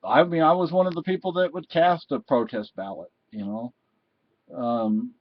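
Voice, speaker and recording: A man's voice: medium pitch, fairly even intonation, normal speed, no echo, lo-fi sound. A middle-aged man vlogging a political rant, scolding and lecturing his viewers with indignation.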